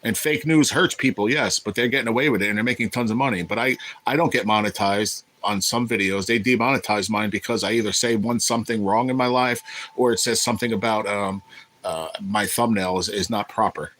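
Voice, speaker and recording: Low-voiced man ranting on a livestream. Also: fairly quick, fairly bright tone, poor audio. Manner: profane, irritated ranting. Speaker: livestream host. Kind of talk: casual livestream chat.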